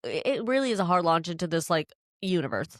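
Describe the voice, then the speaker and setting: A woman co-hosting a book podcast, chatting casually and reading reader reviews aloud in an animated, bubbly way. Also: lowish voice, a little fast, dry recording, clean studio sound. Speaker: podcast co-host.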